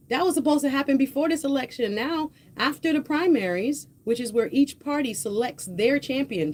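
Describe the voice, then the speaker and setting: A woman's voice: high-pitched, darkish tone. A woman hosting a live political talk stream, speaking in a passionate, conversational way and addressing viewers directly. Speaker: host of a political livestream. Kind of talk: casual live political commentary. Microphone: headphones with a mic, home streaming setup.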